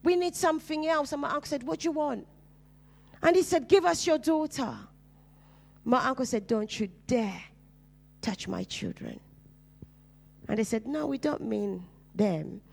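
A woman, a preacher, telling her personal testimony in conversation, earnest and dropping low and soft on painful memories. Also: unhurried, gravelly, pauses often. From Uganda.

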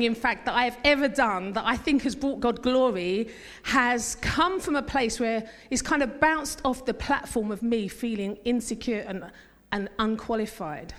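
A woman's voice: a little high, animated, normal speed, fairly bright tone. A woman preaching a sermon as pastor, emphatic, leading the congregation to repeat lines back to her. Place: church hall. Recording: long hall reverb.

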